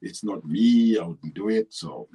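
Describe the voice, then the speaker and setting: A man's voice: sits low, unhurried, slightly rough, low-quality recording. A middle-aged man with a Kenyan accent, answering interview questions in a loose, rambling way with many restarts. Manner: rambling, restarts often, animated when telling stories. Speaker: actor and writer, interview guest. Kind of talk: relaxed conversational interview.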